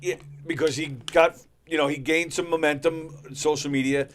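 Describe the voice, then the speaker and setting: A man co-hosting a comedy podcast, speaking in an earnest, measured way in casual chat. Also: on the high side, steady tone. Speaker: podcast co-host.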